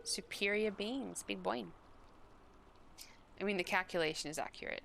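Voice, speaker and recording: A woman's voice: medium pitch, moderate pace, gravelly, a bit bright, a little hiss or hum. A young woman streaming a video game live, chatting to her viewers and reacting aloud as she plays. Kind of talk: live gameplay commentary. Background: game music.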